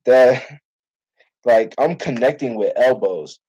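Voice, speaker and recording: A man's voice: mid-range voice, slow, warm tone, husky, lo-fi sound. A young man, a college football player, casually telling a story to camera with lots of slang and swearing. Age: young adult.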